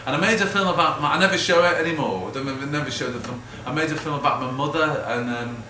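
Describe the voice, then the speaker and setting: A man's voice: a little high, quick pace, sharp tone. Middle-aged Liverpool man, self-mocking storyteller at a talk; recorded far off in a reverberant hall with background noise. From Liverpool, England. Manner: chatty, self-mocking, acts out quotes, laughs often. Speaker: guest speaker. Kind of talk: rambling anecdotal talk to an audience. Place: event hall with a live audience.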